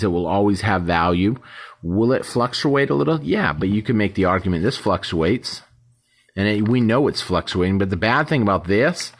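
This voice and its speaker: Give me a man with a deep voice talking casually to his viewers, loose and rambling. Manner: rambling, conversational, acts out little quoted exchanges. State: yawning, tired. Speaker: YouTube host. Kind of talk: casual talk to camera.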